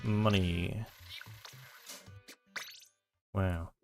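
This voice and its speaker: A man's voice: low voice, fairly even intonation, takes it slowly, over music. A young man streaming a game, chatting casually and hesitantly, answering chat between plays.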